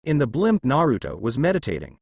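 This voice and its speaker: Guy reading fan fiction out loud, lively pitch, dry close sound. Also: fairly quick, vocal fry, husky, dry recording. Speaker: storyteller.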